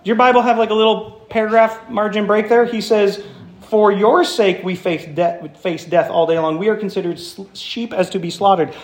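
A man preaching a sermon to a congregation in a church hall, animated and emphatic, often asking the room questions. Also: sits high. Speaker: pastor.

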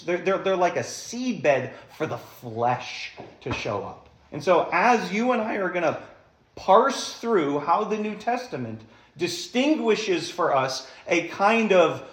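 A man's voice: fairly high pitch, reverberant. A man preaching a sermon as pastor, emphatic, putting rhetorical questions to the congregation.

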